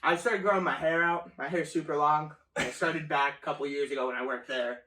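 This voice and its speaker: Young man, fairly high voice, cussing storyteller, echoey room, mic kinda far. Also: brisk. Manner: profane, animated storytelling with laughter. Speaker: storyteller guest. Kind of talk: casual chat.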